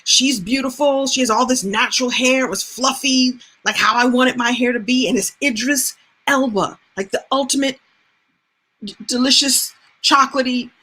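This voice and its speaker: Chatty woman host telling a story, husky, a bit high. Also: moderate pace. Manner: animated, chatty, laughs as she tells. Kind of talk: casual storytelling monologue.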